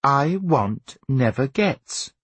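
A man's voice: medium pitch, animated, very slow, breathy edge, dry recording, pitched above the performer's own voice, full character voice. A man voicing a cold, sarcastic middle-aged mother in an audiobook, speaking in a dry, mock-polite way. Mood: prim.

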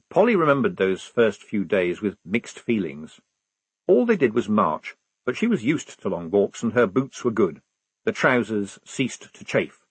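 A man narrating a storybook with a wry, expressive reading. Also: fairly low pitch, breathy edge, no echo. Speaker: audiobook narrator.

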